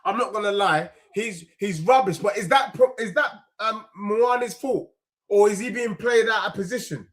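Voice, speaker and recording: Heated young London man ranting, high-pitched. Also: normal speed, a bit bright. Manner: heated, slangy, repetitive. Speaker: football fan channel host. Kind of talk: ranting match reaction.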